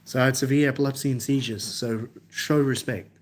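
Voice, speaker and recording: On a live stream, a young man from Australia responds to viewers' comments with a casual, halting, repetitive manner and an Australian accent. He has a mid-range voice and a steady tone.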